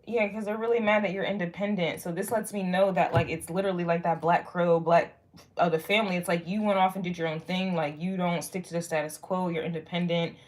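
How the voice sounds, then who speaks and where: This is a young woman with a somewhat low voice, talking straight to her viewers during an astrology reading. She rambles, curses freely and leans on fillers as she works her way toward each point. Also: fairly even intonation, fairly quick. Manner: rambling, frank and profane, lots of fillers. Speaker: tarot and astrology reader. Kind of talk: casual spoken reading to viewers.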